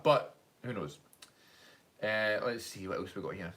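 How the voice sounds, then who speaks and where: Here the young Glaswegian YouTuber and actor has a lowish, fairly bright voice at a measured pace. He's chatting casually in a live stream Q&A, wandering through stories with frequent laughter, his accent marking him as from Scotland.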